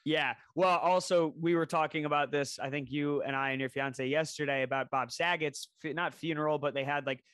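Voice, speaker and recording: A young man in his twenties with a bright, forceful voice, a little higher than most men. He tells stories animatedly on a casual podcast, swearing freely. The sound is dry and close. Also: fairly quick, hardly any pauses, smooth, no echo. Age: 20s. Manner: animated storytelling, heavy swearing. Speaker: podcast co-host.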